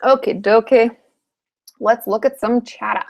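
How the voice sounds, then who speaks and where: A woman's voice: fairly high pitch, fairly even intonation, a little slow, vocal fry, a little mellow. A woman in her thirties, a therapist from Washington state, answering viewer questions in a frank, chatty live Q&A, swearing casually now and then.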